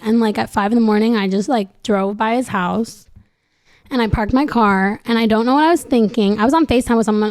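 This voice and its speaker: A young woman, a podcast guest, telling a personal story in a casual, rambling way and filling nearly every phrase with "like.". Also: a little high.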